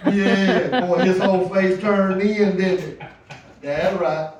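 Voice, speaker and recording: A first-time comedian telling a story on stage, animated and colloquial, laughing as he goes. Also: sits high, slow pace, a little hiss or hum. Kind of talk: stand-up storytelling. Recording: echoey club from far off.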